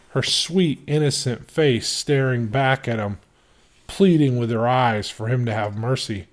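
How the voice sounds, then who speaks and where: Man, audiobook narrator, steady, measured, mid pitch. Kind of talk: audiobook reading.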